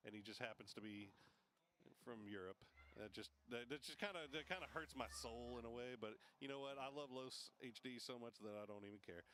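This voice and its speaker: A man's voice: medium pitch, a little fast, pushed and bright, slight background noise. A man casting a live esports match, chatty and musing, with small hesitations. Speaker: esports caster. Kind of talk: live esports play-by-play commentary.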